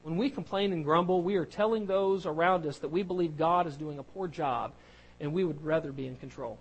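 A man's voice: a little high, brisk, slight background noise, low-quality recording. A man preaching a sermon, talking in a conversational way that builds in force. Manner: conversational preaching, grows louder and more emphatic.

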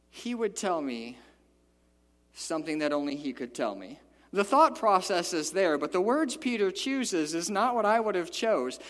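Male pastor, high voice, lively sermon delivery, acts out the lines, long hall reverb. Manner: animated, acts out quotes with big pitch jumps.

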